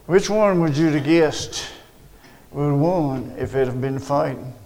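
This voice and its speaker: Older guy, slow and gravelly, rambling testimony w/ lots of restarts. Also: a little high, darkish tone, in a large hall, low-quality recording. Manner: rambling, halting, with restarts and asides. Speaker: storyteller recounting a personal witness. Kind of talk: casual spoken testimony.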